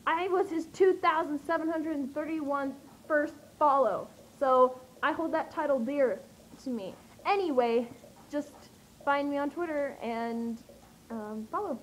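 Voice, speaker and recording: A young woman telling an excited vlog story, gushing and breathless, with lots of fillers. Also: sits high, a little slow, slight background noise, low-quality recording. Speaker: vlogger.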